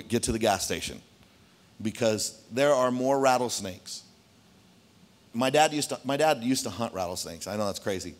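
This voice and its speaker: A man preaching a sermon to his congregation as pastor, telling a story in an animated way and speaking straight to the room. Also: mid-range voice. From Arizona, United States. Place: church hall.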